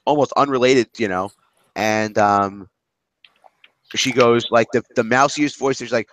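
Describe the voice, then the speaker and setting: A man's voice: medium pitch, unhurried, fairly bright tone, slight background noise. A man leading a class discussion, telling candid stories in a rambling way with many restarts.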